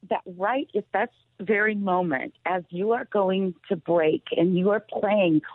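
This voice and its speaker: A woman calling in as a guest to a radio show, close to tears, speaking in halting, emotional bursts. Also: mid-range voice, no echo. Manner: emotional, halting, repeats herself. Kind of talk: interview answers by phone. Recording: tinny phone line.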